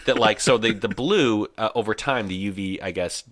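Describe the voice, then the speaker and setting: Man, low-ish voice, bright and forceful, dry close sound, animated storyteller, laughs a lot. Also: moderate pace, dry recording. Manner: animated storyteller, laughs often, swears casually. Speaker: podcast guest or host. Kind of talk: casual podcast conversation.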